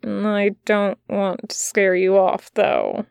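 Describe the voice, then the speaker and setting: A woman voicing a wary, hurt male demon who speaks quietly and hesitantly. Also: mid-range voice, takes it slowly, creaky, clear, resonant tone, dry recording. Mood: hurt, guarded.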